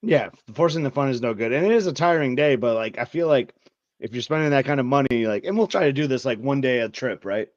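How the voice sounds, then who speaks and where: A man's voice: medium pitch, quick pace, no echo. A man co-hosting a podcast in easygoing casual chat, full of "like" fillers. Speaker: podcast co-host. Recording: dull lo-fi mic.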